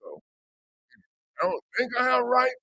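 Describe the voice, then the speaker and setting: A man's voice: very high voice, wildly swooping pitch, normal speed, pushed and bright, dry recording, poor audio. A man in a casual livestream chat, talking in a blunt, profane and defiant way. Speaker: host.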